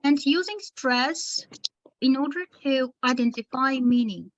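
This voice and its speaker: High-voiced woman teaching in an online webinar. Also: muffled recording. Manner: slow, deliberate, pausing between words to model stress. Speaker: teacher trainer.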